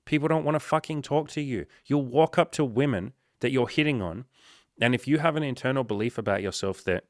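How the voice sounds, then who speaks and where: A man's voice: medium pitch, fairly quick, no room sound, clean studio sound. A man, talking casually as a dating coach, blunt and swearing often as he acts out little dialogues. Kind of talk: casual motivational talk.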